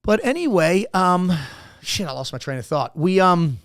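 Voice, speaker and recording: A man's voice: sits high, sing-song, moderate pace, clean tone, no room sound, studio quality. A man in his fifties, a former Navy SEAL guest, telling rambling, profane stories in a casual interview.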